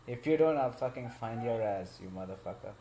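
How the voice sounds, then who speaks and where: A man's voice: medium pitch, lively intonation, brisk, mellow, roomy sound, slight background noise. A man co-hosting a casual podcast, ranting crudely and swearing heavily as he jokes. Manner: crude, profane, mock-angry rants. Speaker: podcast co-host. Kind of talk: casual chat.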